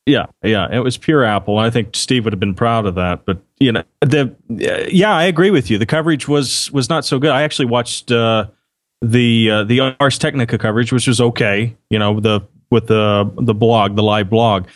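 Halting man on a tech podcast. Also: mid-range voice, no echo. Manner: halting, many restarts and repeated words. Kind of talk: casual tech podcast chat.

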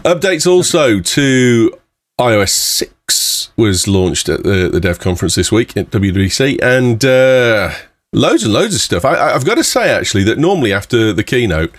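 A man hosting a casual tech podcast, rambling in a relaxed way and laughing often. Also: medium pitch, normal speed, dry recording. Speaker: podcast host.

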